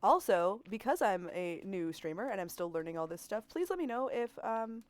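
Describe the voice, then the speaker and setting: A woman's voice: mid-range voice, very animated, moderate pace, dry recording. Young adult woman, game streamer; chatty, giggly, rambling, desk mic at home. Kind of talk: casual game-stream chat.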